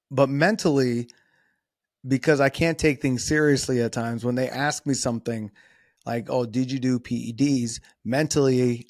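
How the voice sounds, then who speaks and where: A man's voice: medium pitch, darkish tone, dry recording, studio quality. A man hosting a solo podcast, talking casually in a rambling, self-deprecating way with frequent restarts. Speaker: podcast host.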